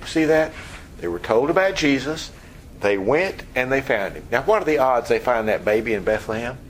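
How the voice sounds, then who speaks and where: A man preaching an expository Bible lesson, explaining word meanings and acting out scenes with lively energy. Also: medium pitch, normal speed, slight background noise, low-quality recording. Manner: animated, acts out scenes. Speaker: pastor.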